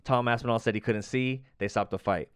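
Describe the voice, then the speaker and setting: A man on a casual podcast, his voice smooth and resonant at a middle pitch. He tells stories in an animated rush, full of filler words and the odd swear, recorded close and dry with no room sound. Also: a little fast, no echo. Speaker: podcast co-host.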